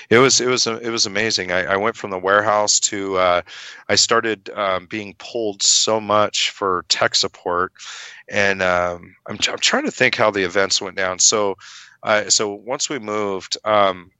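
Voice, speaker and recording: A middle-aged man telling a long story in casual chat, animated, acting out the people he quotes and swearing freely. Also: sits low, measured pace, smooth, no echo. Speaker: guest telling his story.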